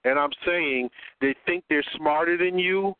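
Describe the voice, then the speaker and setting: A man's voice: on the high side, unhurried, clean tone, no room sound. An older man calling in, making his points in a preachy, emphatic way. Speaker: caller. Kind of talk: impassioned phone-in commentary. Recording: dry, tinny phone line.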